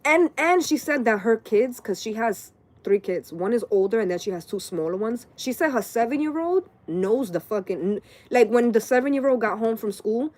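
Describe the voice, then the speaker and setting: A woman's voice: fairly high pitch, expressive, moderate pace, a little mellow. A woman in her late thirties, a tarot reader ranting casually and profanely on a live stream, wandering from story to story. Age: late 30s.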